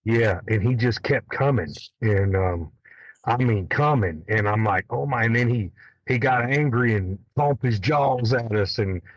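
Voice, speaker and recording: A man telling a hunting story in a casual, animated way, swearing freely. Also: lowish voice, unhurried, no echo, dull audio. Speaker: guest elk hunter.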